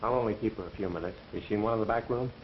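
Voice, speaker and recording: A man's voice: lowish voice, rapid-fire, slight background noise, lightly acted. A man playing a wisecracking reporter. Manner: breezy, wisecracking banter. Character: wisecracking young male college reporter. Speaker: newspaper reporter. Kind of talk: 1930s film acting. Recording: dull, lo-fi old film soundtrack.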